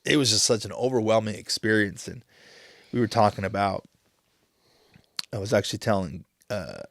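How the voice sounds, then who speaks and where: A man in his thirties talking on a podcast, emotional and halting, tearing up as he speaks with many restarts. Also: fairly low pitch, creaky, a bit bright, no echo, clean studio sound. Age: 30s. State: tearful. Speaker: podcast host. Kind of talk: casual chat.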